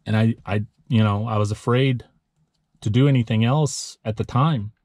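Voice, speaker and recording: Earnest, emotional man with a mellow voice. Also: fairly low pitch, no room sound, studio quality. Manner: earnest, emotional, halting with restarts. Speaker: lawn care business owner and channel host. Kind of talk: heartfelt motivational vlog talk.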